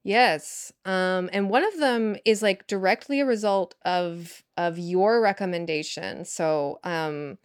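A woman writer chatting as a podcast guest, thinking out loud with lots of fillers and restarts. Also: lowish voice, slow pace, hardly any pauses, no echo, studio quality. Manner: rambling, filler-heavy, thinks aloud. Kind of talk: casual interview chat.

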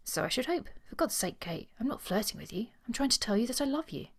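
A woman doing an exasperated gentleman. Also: on the high side, big pitch swings, quick pace, husky, pitched above the performer's own voice, full character voice. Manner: brusque, exasperated. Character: reserved gentleman suitor, exasperated.

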